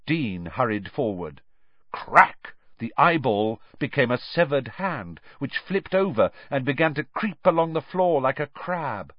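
A man's voice: medium pitch, a little slow, hardly any pauses, no echo, muffled recording. Man narrating a storybook dramatically. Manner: animated, dramatic reading. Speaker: audiobook narrator.

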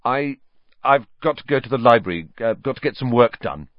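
A man voicing a withdrawn teenage boy who answers in a flat, offhand, listless way. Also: mid-range voice, brisk, no echo, pitched above the performer's own voice, close to an everyday voice. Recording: dull lo-fi dry recording.

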